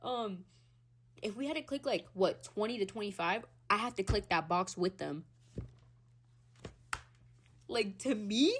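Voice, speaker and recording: A young woman hosting her own podcast, ranting in a casual, animated way, swearing freely, laughing often and jumping between loud squeals and low mutters. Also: a little slow, slightly rough. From Hispanic background. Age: young adult. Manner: animated, swearing, laughs often, big swings in pitch and loudness. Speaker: podcast host. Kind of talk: casual solo rant.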